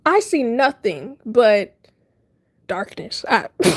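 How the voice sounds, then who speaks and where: A young woman livestreaming, telling a funny story to her chat in a casual, animated way, laughing often and acting out her panic. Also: a little high, slow, pauses often, slightly rough. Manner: animated, laughing, dramatic retelling.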